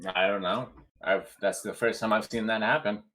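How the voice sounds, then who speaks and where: A man's voice: fairly low pitch, steady tone, pushed and bright. Hesitant man playing a tabletop game. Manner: hesitant, halting with fillers. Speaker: player. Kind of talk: tabletop role-play.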